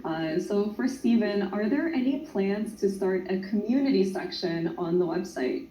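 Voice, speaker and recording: A woman moderating a panel, reading audience questions in a brisk, upbeat way. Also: medium pitch, expressive, warm tone. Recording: echoey lo-fi room with faint noise.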